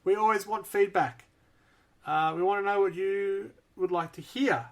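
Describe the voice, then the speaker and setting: A man's voice: sits high, moderate pace. An Australian man hosting a casual podcast chat, playful and full of questions for his co-hosts. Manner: playful, jokey, asks lots of questions. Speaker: podcast host.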